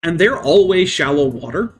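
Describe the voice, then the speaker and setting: A man's voice: fairly high pitch, expressive, normal speed, a little hiss or hum. A man hosting a live stream, explaining science at length with many "I mean" fillers. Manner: careful, lecturing explanations. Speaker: livestream host.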